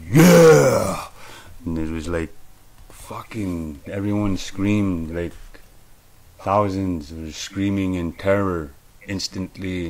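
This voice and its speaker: A man from Manitoba, Canada, sharing a personal vision testimony in an earnest, halting way, repeating himself as he goes. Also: low voice.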